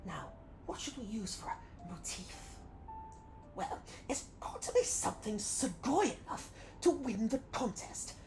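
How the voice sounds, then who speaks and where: A woman reading aloud as an excitable young gamer princess who drops Japanese slang words. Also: on the high side, a little slow, faint music behind, voice pushed up. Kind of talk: reading game dialogue aloud.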